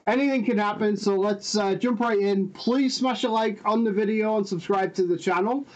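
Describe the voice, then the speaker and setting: A young man hosting a reaction video with his wife, chatting excitedly and speculating. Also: sits high, moderate pace, muffled recording. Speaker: reaction channel host. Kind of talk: casual reaction chat.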